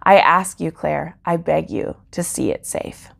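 A devoted warrior husband speaks his solemn farewell in a hushed voice, read aloud by a woman. The tone is low and gravelly, delivered plainly and quietly, with no accent attempted. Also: unhurried, exaggerated voice. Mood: tender.

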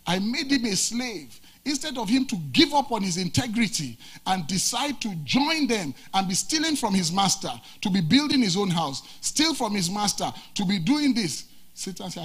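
Male pastor from nigeria preaching, high husky voice, goes loud then drops real low. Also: big pitch swings, normal speed. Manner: preaching with dramatic swings of pitch and volume. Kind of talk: sermon.

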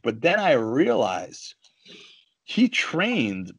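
A man telling stories in a casual podcast chat, animated and swearing freely. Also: mid-range voice, slow pace, creaky, slightly rough, no echo, rough recording. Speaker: guest, jiu-jitsu coach and fighter.

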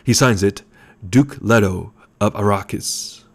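A man's voice: fairly low pitch, unhurried, husky. A man reading an audiobook, voicing a sly male assassin and adviser with a sweet, musical tenor and a mocking manner.

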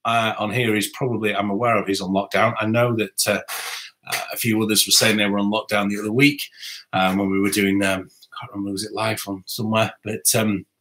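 Man, bright voice, live stream host, rambling and chatty, reads out viewer comments. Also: fairly low pitch, flat delivery, a little fast. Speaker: saxophonist and YouTuber host. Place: home music room.

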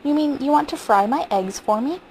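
A woman narrating gives voice to a steady, reassuring husband in a storybook reading. His lines stay level and gently amused, and a faint background hiss sits under the recording. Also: high-pitched, fairly quick, pitched above the performer's own voice, poor audio. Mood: teasing. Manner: calm, reassuring, gently teasing. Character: weary amused husband, a man in his prime. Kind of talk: audiobook reading.

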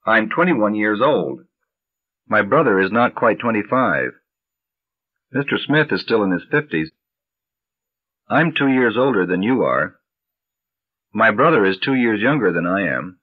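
A man reading English practice phrases slowly and clearly for learners, on a dull lo-fi vintage recording. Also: on the low side, animated. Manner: measured, carefully enunciated drill reading. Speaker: language teacher.

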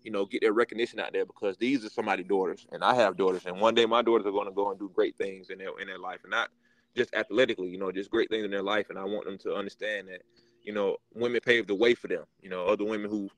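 A man chatting casually on a sports podcast, his voice sitting on the low side. He rambles with plenty of fillers and quickly gets excitable. The recording is dry and close, with no room sound. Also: no echo, rough recording. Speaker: podcast co-host.

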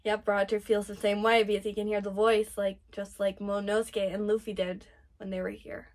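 A woman's voice: medium pitch, flat delivery, moderate pace. A young woman reacting to an anime episode, gushing and exclaiming often, squealing when she is moved. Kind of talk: excited anime reaction commentary.

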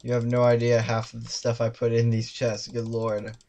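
A gaming streamer giving live commentary, swearing constantly and mocking themself, with loud outbursts and laughter while playing. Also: medium pitch, completely flat delivery, normal speed.

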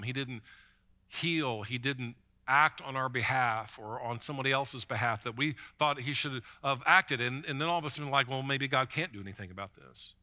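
A man's voice: mid-range voice, sharp tone. A man preaching a sermon as pastor, in a conversational way, often repeating a word as he starts a thought.

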